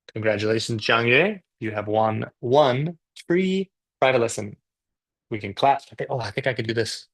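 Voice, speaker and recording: A man's voice: medium pitch, a bit bright. A Canadian man teaching English, chatting casually and joking with his viewers during a live class. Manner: chatty, joking, self-deprecating.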